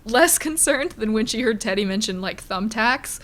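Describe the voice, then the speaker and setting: A woman's voice: fairly high pitch, expressive, normal speed, fairly bright tone. A woman narrating a tabletop role-playing game as game master in an easygoing, descriptive way.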